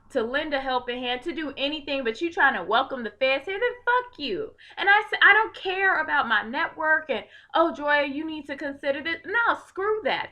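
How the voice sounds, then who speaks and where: A woman's voice: high voice, sharp tone. A young woman from Chicago giving an impassioned, blunt political rant to the camera and swearing freely. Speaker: video blogger.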